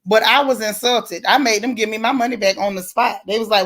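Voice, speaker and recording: Blunt, animated woman live-streaming. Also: a little high, brisk. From Florida. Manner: blunt, animated, laughs often, slangy. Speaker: livestream host. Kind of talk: casual livestream chat reading viewer comments.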